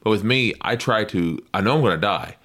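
A man with a notably low voice co-hosts a casual podcast. He talks in an easygoing, halting way and keeps stumbling and repeating words as he goes. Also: animated, a bit bright. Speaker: podcast co-host. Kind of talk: casual chat.

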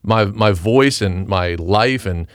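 A man's voice: lowish voice, takes it slowly, dry recording, studio quality. A man talking through a Bible chapter in casual conversation, rambling with many fillers and restarts. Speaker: pastor co-hosting a devotional talk.

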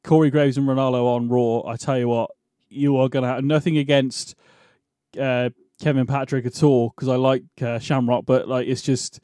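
A man's voice: mid-range voice, steady tone, normal speed, warm tone, dry recording, clean studio sound. A man co-hosting a casual wrestling podcast, rambling and restarting as he talks. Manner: rambling, restarts and laughs a lot. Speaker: podcast co-host. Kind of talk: casual chat.

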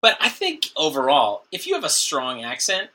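Male podcast co-host, very bright tone, joking casual banter, from New Jersey. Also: on the high side, huge pitch swings. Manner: joking, laughs often, does quick funny voices. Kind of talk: casual chat.

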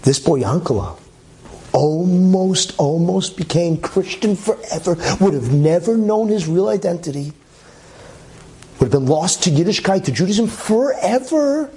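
A man telling a religious story in a lively way, with chatty asides and many okays. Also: high-pitched, a little slow. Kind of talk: animated storytelling talk.

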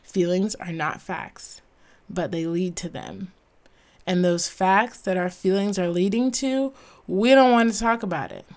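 A woman's voice: lowish voice, unhurried, darkish tone. A woman hosting a solo podcast who gives an earnest, emphatic motivational talk and laughs at herself now and then. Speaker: podcast host.

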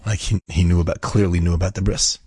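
A man's voice: low voice, steady tone, quick pace, darkish tone, husky, no room sound. A man telling an inspirational story, emphatic and repeating key phrases for effect. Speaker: inspirational speaker.

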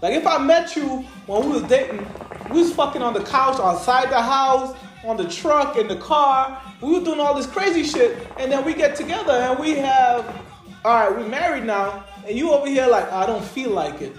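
A man's voice: very high voice, normal speed, a bit bright, roomy sound, soft background music. A man co-hosting a casual podcast chat, blunt and crude, telling stories with laughter.

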